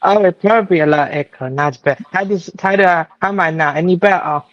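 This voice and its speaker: A man's voice: high voice, brisk, a bit bright, no echo. A man with an accent blending UK and American speech, chatting apologetically over a phone call. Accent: mix of UK and American. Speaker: caller on phone. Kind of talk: casual chat. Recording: dull, dry phone-call audio.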